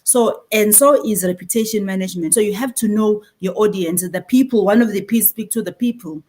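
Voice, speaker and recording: A South African woman in her forties with a Zulu-inflected accent, a marketing speaker giving an animated conference panel talk and mixing in Zulu phrases. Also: medium pitch, brisk.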